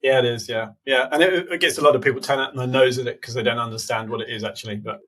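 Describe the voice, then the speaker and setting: A man with a British accent, a podcast guest explaining health topics casually, quick and full of fillers. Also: mid-range voice, a bit bright. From United Kingdom. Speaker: podcast guest, biohacking conference organizer. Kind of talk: casual interview answers.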